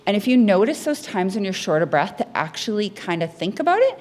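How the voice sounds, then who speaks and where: A woman giving a health education talk on breathing techniques, lively and acting out patients' words in her stories. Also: mid-range voice, brisk. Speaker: pulmonary rehabilitation educator.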